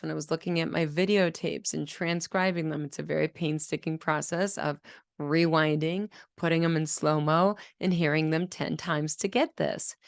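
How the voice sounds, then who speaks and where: Low-voiced speech therapist lady explaining stuff earnestly, dry close sound. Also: gravelly, clean tone, no echo. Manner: earnest, demonstrates children's sounds. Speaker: speech-language pathologist. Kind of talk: educational podcast talk.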